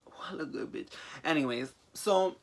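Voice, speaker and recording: A young man telling a story in a casual, profane and animated way, ranting as he goes. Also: a little high, a little slow. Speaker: vlogger.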